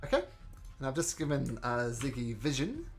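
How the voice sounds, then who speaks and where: A woman narrating and running a tabletop game as game master, animated and laughing often. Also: very deep voice, moderate pace, faint music behind.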